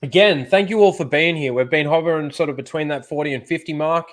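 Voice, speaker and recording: A male livestream host talks in a slightly high voice, loose and rambling. He is blunt and swears casually as he chats with his viewers. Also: quick pace.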